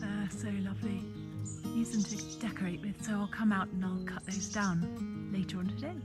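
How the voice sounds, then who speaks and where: A woman, talking to camera on a countryside walk in an unhurried, musing way. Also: mid-range voice, steady tone. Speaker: vlogger. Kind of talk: casual walking vlog. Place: outdoors in windy countryside. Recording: vlog voice with clear background music.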